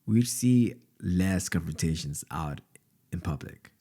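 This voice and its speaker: A young man with a very deep, low voice hosts a conversational interview. He tells his story hesitantly, pausing on ums and breaking into light laughs. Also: expressive, vocal fry, mellow. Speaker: podcast host.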